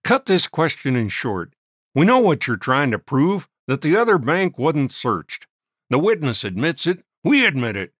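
A man voicing a gruff, domineering frontier miner acting as judge, speaking bossily. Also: on the high side, very animated, normal speed, a bit bright, no room sound, clean studio sound, pitched above the performer's own voice. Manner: gruff, bossy.

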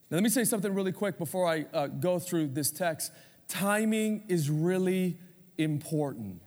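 Pastor, male, 30s, high-voiced, chatty sermon delivery with call-and-response, recorded in a reverberant hall. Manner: conversational preaching with audience call-outs.

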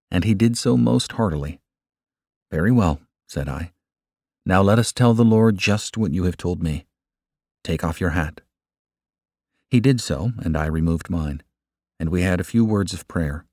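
Low male narrator, earnest and measured, dry close sound. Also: a little mellow, dry recording. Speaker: audiobook narrator. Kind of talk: scripted narration of a religious book.

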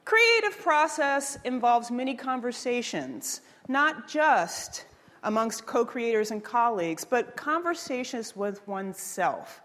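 Energetic woman preaching to a hall. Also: a little high, measured pace. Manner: energetic, preachy, asks the audience questions. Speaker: workshop speaker. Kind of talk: live workshop talk to an audience.

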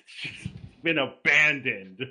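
Man, podcast guest, bright tense voice, crude joking, animated storyteller. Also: medium pitch, slow, poor audio. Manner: bawdy, animated storytelling with shouted punchlines. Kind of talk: casual crude podcast chat.

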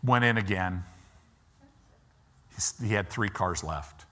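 Bright-voiced pastor telling a story. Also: male voice, low voice, slow pace. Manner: animated storyteller, acts out quoted voices; informal, asides to the audience. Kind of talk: storytelling sermon. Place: church.

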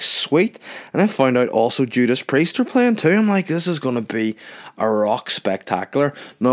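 A man in his thirties from Northern Ireland, hosting his own podcast and telling jokey, sweary stories in a casual monologue, acting out both sides of each conversation. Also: fairly low pitch. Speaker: podcast host, comedian.

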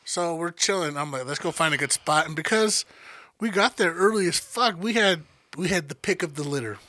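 Bright-voiced man swearing through a story. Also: on the high side, animated, a little fast, no echo. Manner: profane, laid-back slang storyteller. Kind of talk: casual storytelling chat.

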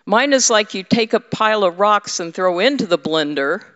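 At a normal speed, a woman with a mid-range, fairly bright, animated voice delivers a conversational sermon to her congregation. A women's ministry leader and preacher, she is candid and humorous and teases her listeners, recorded in an echoey hall with slightly dull sound.

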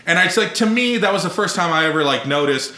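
Podcast host, male, bright and slightly high voice, crude self-mocking storyteller, roomy echo. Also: animated, quick pace. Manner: profane, self-mocking storytelling with frequent laughter. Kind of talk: casual podcast chat.

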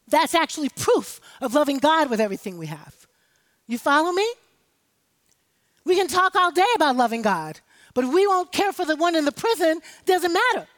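A woman preaching an impassioned sermon, rallying the congregation with call-and-response. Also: sits high. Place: church sanctuary. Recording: live hall with long reverb.

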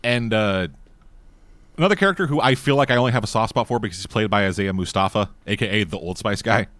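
A man's voice: fairly low pitch, fast, fairly bright tone, no echo. A man in casual podcast chat, talking crudely and animatedly and laughing often. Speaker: podcast co-host.

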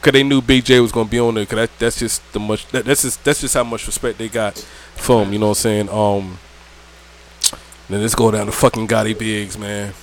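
A young man, telling animated, profane stories with friends on a podcast. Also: lowish voice, fairly quick, slight background noise. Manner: animated, laughing, profane, slangy, lots of "right?". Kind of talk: casual storytelling chat. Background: friends talking in the background.

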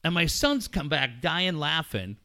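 A man in his forties co-hosting a talk show, telling stories in a casual, animated and profane way. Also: fairly high pitch, measured pace. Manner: animated, profane storyteller acting out his own reactions. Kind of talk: casual chat.

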